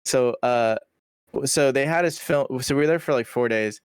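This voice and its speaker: A man's voice: medium pitch, moderate pace, smooth, dry recording, clean studio sound. Young man rambling with heavy slang. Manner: rambling, heavy slang and swearing, many restarts. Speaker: podcast guest. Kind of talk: casual storytelling chat.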